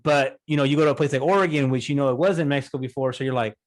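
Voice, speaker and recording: A man hosting a podcast, chatting casually with his guest and filling his talk with "you know" and "like". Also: mid-range voice. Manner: quick, chatty, many fillers. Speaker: podcast host. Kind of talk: casual interview chat.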